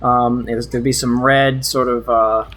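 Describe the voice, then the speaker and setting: A man of middle pitch runs a tabletop game, describing scenes in a loose, rambling way full of fillers. Faint music plays in the background. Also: flat delivery, a little slow, a bit bright. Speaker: game master.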